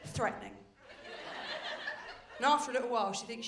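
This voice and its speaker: This woman's voice is fairly high and expressive, and she talks fairly quickly in her live stand-up routine. Chatty and confiding with casual swearing, she plays to an audience on a comedy venue stage, heard in a roomy recording full of crowd noise.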